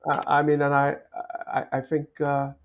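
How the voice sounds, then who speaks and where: A man's voice: fairly high pitch, monotone, moderate pace, noisy background. Thoughtful middle-aged man on a dull line. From United States. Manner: thoughtful, many restarts and repeated words. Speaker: guest actor. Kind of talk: podcast interview conversation. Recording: dull lo-fi audio.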